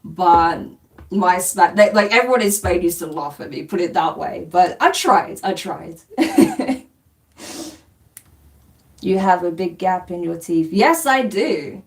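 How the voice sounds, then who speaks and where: Hosting a spiritual live stream, a woman with a voice on the low side reads out comments at a normal speed in a casual, blunt, dismissive way, swearing and laughing often. The mic sits at a distance, with faint noise behind her.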